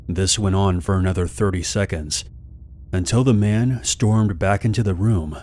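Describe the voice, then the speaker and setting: Calm, steady narration of a horror story comes from a man with a deep, low voice, in the style of a scary story channel. There's slight background noise.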